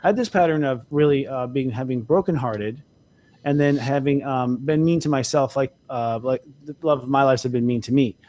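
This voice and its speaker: A man's voice: mid-range voice, moderate pace, a little mellow. A man co-hosting a casual spiritual talk show, speaking candidly as an astrologer and laughing often. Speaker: co-host, astrologer.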